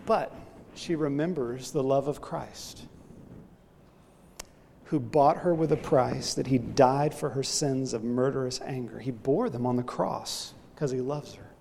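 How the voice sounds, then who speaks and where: A man's voice: medium pitch, vocal fry, a little mellow, big-room sound, a little hiss or hum. A man preaching a sermon, earnestly illustrating his point with a story.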